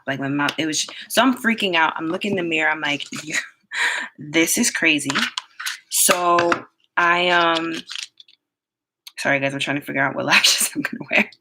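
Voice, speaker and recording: A woman's voice: deep voice, bright, forceful tone, a little hiss or hum, rough recording. A woman beauty vlogger telling a personal story while doing her makeup, chatty and full of fillers, laughing often. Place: home, doing makeup in front of the camera.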